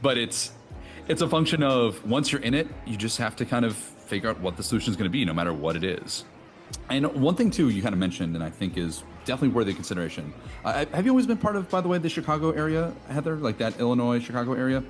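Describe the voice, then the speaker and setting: A man's voice: mid-range voice, very animated, quick pace, faint music behind. A man from Wisconsin co-hosting a podcast, asking long, winding questions in a casual way. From Wisconsin, USA. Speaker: podcast co-host.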